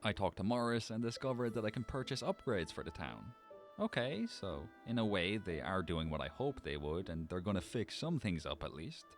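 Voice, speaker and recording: A man's voice: on the low side, big pitch swings, normal speed, soft background music. A man reading a scripted gameplay narration with a wry, dry sense of humor.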